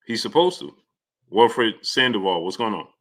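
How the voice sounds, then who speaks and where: Bright-voiced man hosting a boxing talk stream. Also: lowish voice, animated, moderate pace. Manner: repetitive and emphatic, frequent fillers and "you understand?". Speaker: sports talk show host. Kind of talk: live-stream boxing talk, greeting chat viewers.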